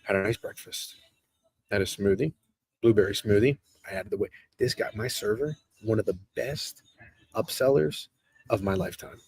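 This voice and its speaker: A man's voice: lowish voice, normal speed, a little mellow, slightly rough, no room sound. A man in his thirties, hosting a live stream in casual chat, rambling and profane and answering chat as he goes. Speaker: streamer host. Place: hotel room.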